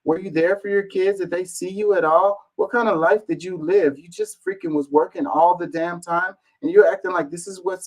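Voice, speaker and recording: A man's voice: sits high, moderate pace, few pauses, rough recording. A man reading online comments aloud and answering them in an exasperated, casual rant, swearing and firing off rhetorical questions.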